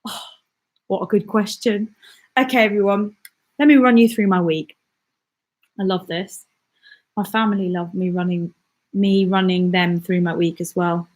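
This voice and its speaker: A woman's voice: mid-range voice, steady tone, measured pace, pauses often. A young woman from England chatting casually on a live stream as a vlogger, bubbly and reading viewer comments aloud.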